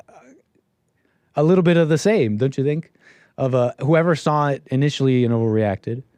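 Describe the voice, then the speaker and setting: A man's voice: mid-range voice, a little mellow, no room sound. Rambling male live-streamer, dry close sound. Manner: rambling, chatty, laughs at his chat, many restarts. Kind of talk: casual live-stream commentary.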